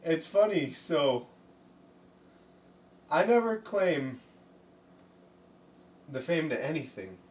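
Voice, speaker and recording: A man's voice: on the high side, sing-song, slow pace, long pauses, distant mic. A man chatting casually on a live stream while he paints, rambling, joking and talking both to his chat and to himself. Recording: voice from off the mic, faint room noise.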